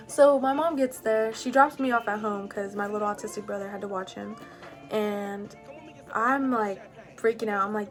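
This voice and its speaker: A woman's voice: mid-range voice, fairly even intonation, slow pace, pauses often, faint music behind. A young woman telling a personal story in a casual, rambling way, full of "like" and "you know".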